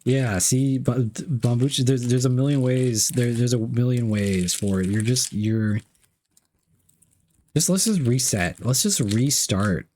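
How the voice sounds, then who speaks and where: A man's voice: medium pitch, a little slow, darkish tone, slight background noise. A young man streaming live, reading chat messages aloud and unboxing gifts, playful and repeating himself.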